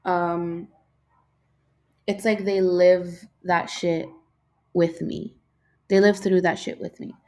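A woman's voice: on the low side, level tone, slow pace, long pauses, a little mellow. A young woman hosting a casual podcast, rambling, swearing a lot, losing her train of thought and yawning as she talks. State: yawning, tired. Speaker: podcast host.

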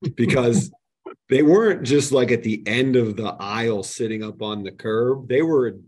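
Husky man telling stories casually. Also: medium pitch, moderate pace. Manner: animated, retells heated exchanges. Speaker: podcast guest. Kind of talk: casual storytelling.

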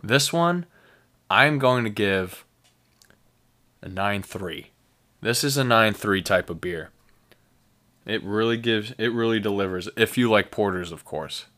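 A man's voice: lowish voice, measured pace, pauses often, sharp tone. A man hosting a casual solo podcast, rambling enthusiastically with many fillers and restarts. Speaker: podcast host.

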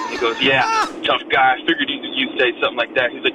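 A man's voice: medium pitch, steady tone, fast. A man telling a rambling, profane story full of fillers, recorded casually. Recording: dull lo-fi recording with noise.

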